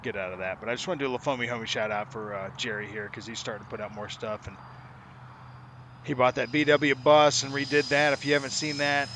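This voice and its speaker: A man's voice: mid-range voice, fairly even intonation, quick pace, a bit bright, slight background noise. A man hosting a casual livestream show, chatty and upbeat, laughing often and using slang. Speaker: live show host.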